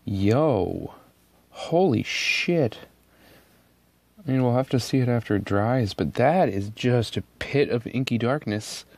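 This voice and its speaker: A man hosting an ink swatching video, talking casually and excitably at his desk, swearing freely and switching between loud outbursts and muttered asides. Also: medium pitch, takes it slowly, no echo. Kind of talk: casual narration while swatching inks. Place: at a desk indoors.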